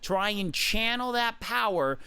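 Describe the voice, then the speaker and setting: Casual swim coach, male, higher register, clear tone, repeats himself and counts beats aloud. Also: animated, a little slow, sharp tone, no room sound. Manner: repetitive, demonstrative, counts out beats.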